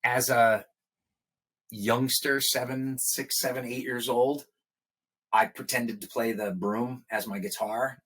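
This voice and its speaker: A middle-aged man with a husky, slightly rough voice tells stories in a relaxed podcast chat. His pitch sits in an ordinary middle range. He livens up when he acts out the people in his stories. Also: slow pace. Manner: animated, acts out quoted people in a raised voice. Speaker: guest musician. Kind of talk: casual storytelling in a podcast interview.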